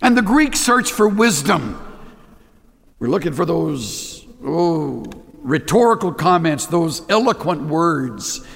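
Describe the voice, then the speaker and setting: A male pastor delivering a sermon in a big reverberant hall, his voice a touch high for a man. He swings his pitch widely, leaning hard on key words and acting out brief exchanges. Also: slow, vocal fry. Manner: animated, emphatic preaching with dramatized asides. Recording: long reverb of a large hall.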